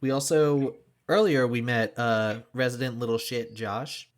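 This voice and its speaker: Man, podcast co-host, casual plot recap, ordinary middle pitch, loose filler-heavy delivery. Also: steady tone, measured pace, slight background noise. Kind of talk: casual chat.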